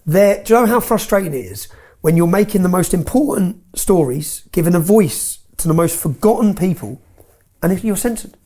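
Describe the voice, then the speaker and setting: His voice sits high and sounds mellow and expressive at normal speed. A guest from England, he tells stories emphatically in a heated interview, often punctuating them with "yeah?".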